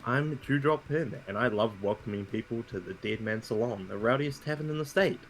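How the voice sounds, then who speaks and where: A man's voice: medium pitch, brisk, slight background noise, close to an everyday voice, rough recording. A man playing a cheerful, hardworking saloon owner with a hesitant, stumbling delivery.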